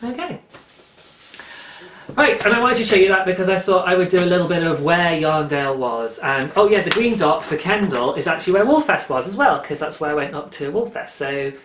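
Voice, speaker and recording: A man's voice: fairly high pitch, lively intonation, a little fast, a bit bright, roomy sound, slight background noise. A man from England hosting a podcast, chatting casually and rambling with lots of asides. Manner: rambling, chatty, self-interrupting. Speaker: podcast host. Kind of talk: casual chat.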